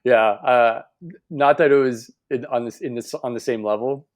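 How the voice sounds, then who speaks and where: A man's voice: medium pitch, fairly even intonation, moderate pace. A Canadian man hosting a podcast, chatting casually, swearing freely and laughing often. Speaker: podcast host. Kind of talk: casual chat.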